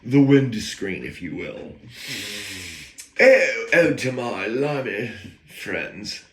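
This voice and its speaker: A man's voice: mid-range voice, sing-song, very slow, a bit bright. A man casually telling an anecdote, rambling with wry, self-aware digressions. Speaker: storyteller. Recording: echoey room.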